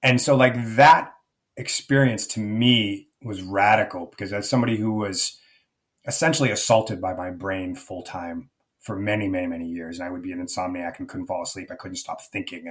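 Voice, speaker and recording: A man's voice: fairly low pitch, fairly bright tone. A middle-aged man speaking as a life coach guest in an interview, thoughtful and searching, often restarting his sentences. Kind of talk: reflective conversational interview.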